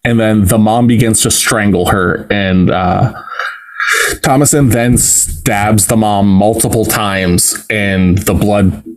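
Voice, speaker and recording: A man's voice: lowish voice, slow pace, poor audio. A man co-hosting a podcast, recounting a film's plot step by step in casual chat with fillers. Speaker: podcast co-host. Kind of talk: casual film recap chat.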